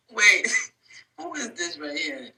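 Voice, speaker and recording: A woman's voice: lowish voice, sharp tone, recorded from a distance. A woman hosting a casual live stream, talking candidly and rambling a little as she addresses her viewers. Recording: roomy echo, away from mic.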